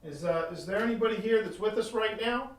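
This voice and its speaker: A man's voice: sits high, brisk, slight background noise. A man on a paranormal investigation, coaxing and friendly, calling out to spirits in a distillery. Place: distillery barrel room. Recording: echoey room, voice from a distance.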